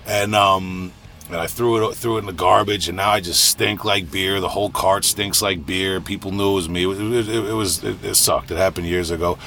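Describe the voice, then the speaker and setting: A middle-aged man with a deep, booming voice, telling a rambling, self-deprecating story in a casual podcast monologue. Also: fairly even intonation, normal speed, sharp tone, slight background noise. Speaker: podcast host.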